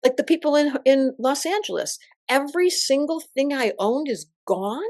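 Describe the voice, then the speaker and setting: An older woman, an astrologer guest in an interview, telling stories in an emphatic, expressive way. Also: sits high, moderate pace, no room sound, studio quality. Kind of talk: interview conversation.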